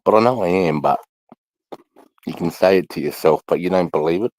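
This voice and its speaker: A man's voice: low-pitched, brisk, darkish tone, rough recording. A middle-aged Australian man rambling casually to camera, swearing freely and sighing between thoughts. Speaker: vlogger.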